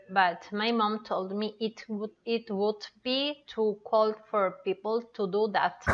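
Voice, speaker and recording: A woman student reading aloud haltingly in an English class, with hesitations and restarts. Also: mid-range voice, dull audio.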